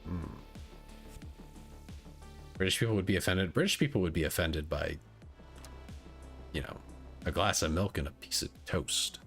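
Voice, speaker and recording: Male streamer with a very low voice, loose, rambling chat with viewers, soft music bed behind. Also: moderate pace, long pauses. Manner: rambling, stop-start, reading chat aloud.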